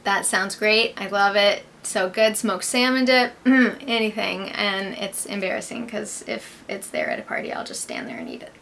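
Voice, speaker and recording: A woman's voice: medium pitch, very animated, moderate pace, vocal fry, hardly any pauses, fairly bright tone, slight background noise. Chatty upbeat young American woman vlogging. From United States. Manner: chatty and upbeat, with frequent "like" and "I believe". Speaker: actress and vlog host. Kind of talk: casual vlog chat answering viewer questions.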